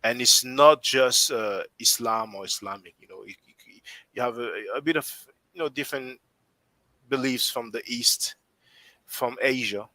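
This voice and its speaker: French-accented male stream host, bright tone, thinks aloud with frequent restarts. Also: mid-range voice, unhurried, no echo, low-quality recording. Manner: rambling, restarts often while thinking aloud. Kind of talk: casual discussion on a live stream.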